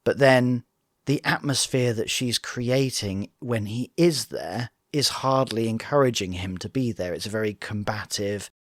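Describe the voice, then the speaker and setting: Male co-host, analytical, middle pitch, dead dry mic. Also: a little slow, no echo. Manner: analytical, mimics voices in quotes. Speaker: co-host reacting to reality TV. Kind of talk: casual reaction chat.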